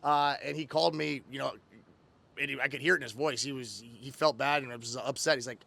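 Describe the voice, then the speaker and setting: A man's voice: medium pitch, steady tone, fast talker, creaky, sharp tone. A man in his thirties hosting a casual recap show, animatedly retelling a story and acting out quotes. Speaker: host.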